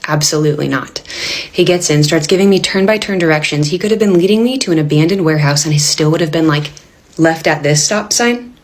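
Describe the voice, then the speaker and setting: A woman with a notably low voice tells a personal story straight to camera. Her delivery is casual and wry, with dry comic timing. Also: fast.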